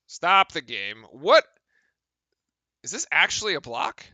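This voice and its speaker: A man's voice: a little high, very animated, moderate pace, bright, forceful tone, dry recording. A young man streaming live fan commentary on a game, incredulous and exasperated, often restarting his sentences. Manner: exasperated, incredulous, laughing at calls, rambling restarts. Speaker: streamer doing live play-by-play.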